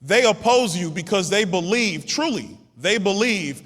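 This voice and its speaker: A man's voice: sits high, expressive, measured pace, fairly bright tone. Man from Brooklyn giving a rousing rally speech. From Brooklyn, New York. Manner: conversational storytelling, punchy and rousing. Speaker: congressman speaking at a summit. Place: hotel ballroom. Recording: long reverb of a large ballroom.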